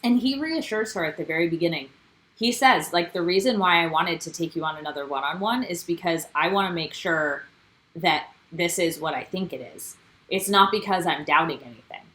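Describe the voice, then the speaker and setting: A woman co-hosting a casual recap show, chatting and quoting people with animated emphasis. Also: on the low side, brisk, rough recording. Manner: animated, quotes cast members. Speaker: co-host.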